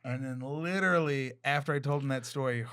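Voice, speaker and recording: Bright-voiced man telling raunchy stories. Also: mid-range voice, fairly quick, clear, resonant tone. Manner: animated, profane anecdotes with laughing asides. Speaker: guest comedian. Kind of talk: casual chat, storytelling.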